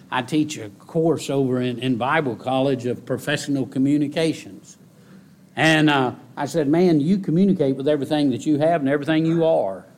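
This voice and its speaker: A man preaching in a folksy, conversational way, with a voice that sits a little high. He repeats key phrases for emphasis and climbs into loud, high exhortation. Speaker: pastor. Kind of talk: sermon.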